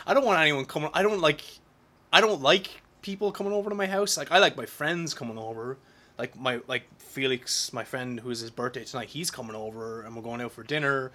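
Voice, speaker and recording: A man's voice: a little high, lively intonation, brisk, sharp tone. A man in his thirties talking straight to camera in a casual, rambling monologue, swearing often and restarting his sentences. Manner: profane, rambling, frequent restarts and filler words. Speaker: vlogger.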